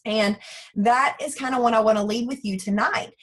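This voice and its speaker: A woman's voice: fairly high pitch, normal speed, rough recording. A woman in her thirties with a drawl, giving a frank, chatty motivational talk to a sales team. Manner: chatty, frank and animated, acts out quoted voices. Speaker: guest speaker for a sales team.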